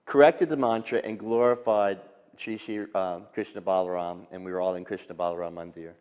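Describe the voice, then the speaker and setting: A man's voice: low-pitched, fairly even intonation, clear, resonant tone. Older man reminiscing in a reverberant hall. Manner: halting, with soft fillers and restarts. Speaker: devotee recalling his teacher. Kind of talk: reminiscing storytelling.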